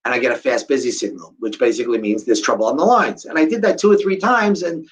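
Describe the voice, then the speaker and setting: A middle-aged guest speaker tells a survivor story live to an audience, acting out the voices of the people in it. His voice sits in the mid-range and moves fast, and the recording quality is low.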